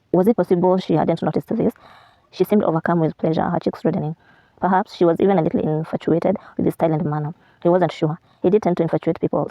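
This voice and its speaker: A woman vlogger reading a novel aloud, steady with small slips and restarts. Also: fairly low pitch, no echo, dull audio.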